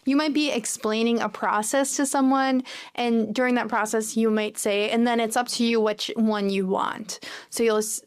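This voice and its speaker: Bright-voiced woman teaching English phrases. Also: fairly high pitch. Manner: explains phrases with acted-out everyday examples.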